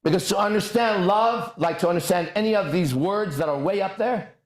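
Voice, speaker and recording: A man's voice: high voice, fairly quick, roomy sound. A man hosting a podcast, delivering a lecture-style monologue and checking in with the listener over and over. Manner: keeps checking in with "right?" and "okay?". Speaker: podcast host.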